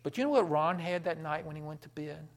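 An impassioned man preaching a sermon in a high, lively voice. His pitch leaps about as he moves from ringing proclamations down to hushed, intimate storytelling. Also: fast talker. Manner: impassioned, swings between loud proclamation and quiet storytelling.

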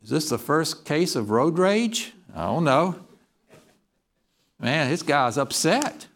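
A man's voice: fairly high pitch, sing-song, slow pace. A man preaching a sermon, reading scripture aloud and asking the congregation questions. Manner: reads scripture aloud in King James wording.

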